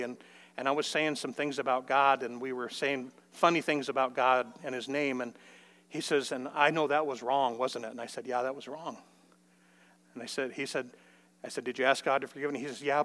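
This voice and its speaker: An older man telling a folksy personal story in a sermon, acting out the dialogue in a raised voice. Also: a bit bright. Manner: folksy, acts out the dialogue with rising pitch.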